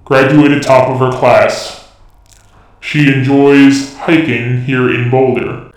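Computer records voice, flat, reciting, man doing it, far off, heavy echo. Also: mid-range voice, takes it slowly, pitched below the performer's own voice, lightly acted. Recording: roomy, distant echo.

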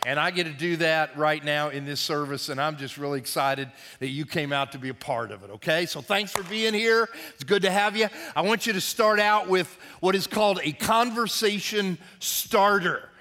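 Folksy guy preaching, bright high voice, jokes with the crowd. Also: normal speed, few pauses. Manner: folksy, chatty, jokey with the congregation. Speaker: pastor. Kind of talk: sermon. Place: church service.

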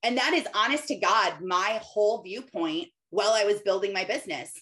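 A woman in her thirties, a Christian business owner, gives her followers an earnest, conversational talk about her faith. Her medium-pitched voice is bright, brisk, and forceful, and she slips into quoted voices along the way.

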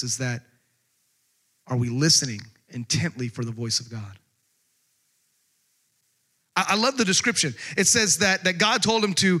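A man preaching a sermon as pastor, emphatic, his voice swinging from loud outbursts to hushed asides. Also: sits high.

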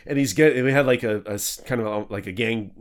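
A man's voice: on the low side, fairly quick. A male podcast host telling a long story in a casual interview, rambling and correcting himself, and laughing as he goes. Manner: animated, laughs while telling stories.

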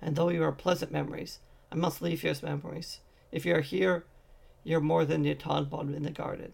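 A man's voice: a little high, flat delivery, a little fast, creaky. A man voicing a grieving ancient male wizard, speaking in a subdued, sorrowful way.

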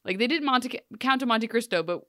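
With a fairly high voice and a slightly fast pace, a woman co-hosting a podcast tells a story with plenty of asides, recorded with clean studio sound and no room sound. She is chatty, casual and joking, and her storytelling is animated.

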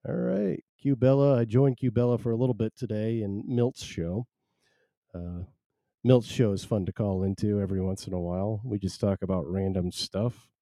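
Dark-voiced man rambling on a stream. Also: on the low side, dry recording. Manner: rambling, wry, self-deprecating. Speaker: live stream host. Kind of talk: casual solo live-stream chat.

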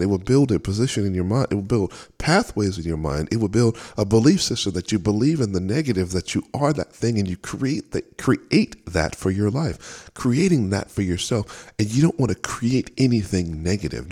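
A man's voice: on the low side, a little mellow. A man preaching a sermon as a minister, earnest and fervent, often repeating and restarting phrases. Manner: speaks with fervor and emphasis.

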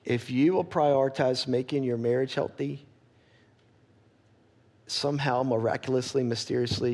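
A man preaching a sermon as pastor, earnest and candid, often checking in with his listeners and growing soft and quiet when he gets personal. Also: mid-range voice, steady tone, normal speed, long pauses. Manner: earnest, candid, asks the congregation for agreement.

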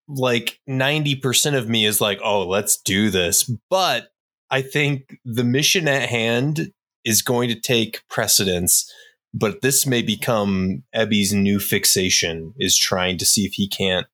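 Male player, low voice, slow, musing casual chat. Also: bright, forceful tone. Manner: thinking aloud, musing. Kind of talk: casual game-table chat.

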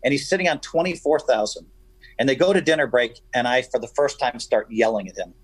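A man guesting on a radio show, telling stories in an animated, emphatic way. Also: medium pitch, a little fast, slightly rough, no echo, rough recording. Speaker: guest poker player. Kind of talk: casual radio chat, storytelling.

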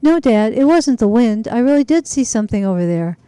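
A woman's voice: on the high side, fairly quick, smooth, no echo, natural voice. A woman voicing a small, eager boy who loves cats, in a storybook reading. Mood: curious. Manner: excited and polite.

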